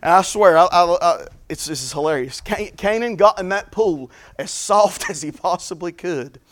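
A man preaching a fervent sermon, moving between quiet folksy stories and loud repeated calls of blessing. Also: high-pitched, animated, moderate pace.

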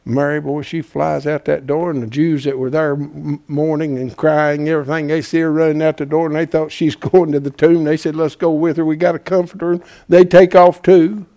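A male preacher delivering a folksy, dramatic sermon, swinging between hushed whispers and shouts. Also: a little high, level tone, normal speed, few pauses.

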